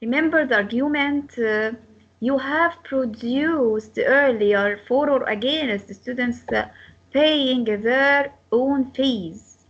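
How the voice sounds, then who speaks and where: A woman's voice: high voice, slow pace, muffled recording. A woman teaching an English class, explaining step by step and repeating her instructions with many hesitations; her first language is Arabic.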